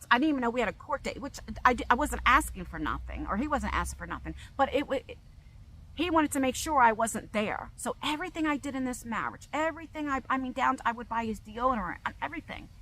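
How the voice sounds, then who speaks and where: Middle-aged woman with a bright voice, speaking openly and emotionally to her subscribers, stumbling over her words. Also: a little high, poor audio. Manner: open, emotional, rambling with restarts. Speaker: vlogger. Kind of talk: emotional personal vlog.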